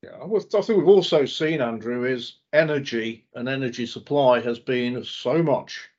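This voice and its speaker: A man's voice: mid-range voice, normal speed, darkish tone. A man co-hosting a market podcast, giving brief, agreeable replies with fillers. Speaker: podcast co-host. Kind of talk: casual market chat. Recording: dull lo-fi audio.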